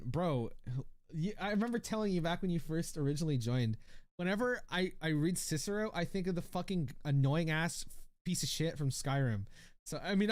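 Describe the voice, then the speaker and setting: A man's voice: on the high side, a little mellow, clear, resonant tone. A young man in his twenties chatting on a casual livestream, rambling with lots of swearing, fillers and restarts as he reads viewer comments. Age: 20s.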